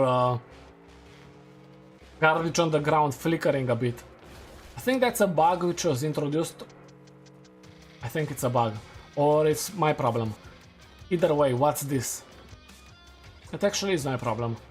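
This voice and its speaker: Chatty male gaming streamer, fairly high voice. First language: not English. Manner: chatty, self-amused, laughs at his own takes. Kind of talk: casual gameplay commentary.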